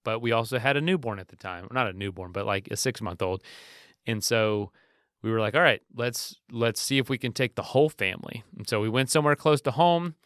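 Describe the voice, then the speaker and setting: A man in his thirties hosts his podcast, chatting through a story in a relaxed, rambling way. His voice is bright and forceful, smooth and resonant, and it is recorded dry and close with no room echo. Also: medium pitch, fairly quick. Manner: relaxed, rambling with frequent restarts. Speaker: podcast host. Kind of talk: casual storytelling monologue.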